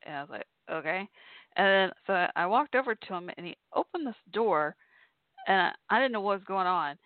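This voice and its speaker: A woman's voice: medium pitch, lively intonation, fairly quick, no room sound. A woman telling a personal story to her listeners in a chatty way, laughing often. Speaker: podcast host. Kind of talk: casual storytelling monologue. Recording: tinny phone-like sound, dry.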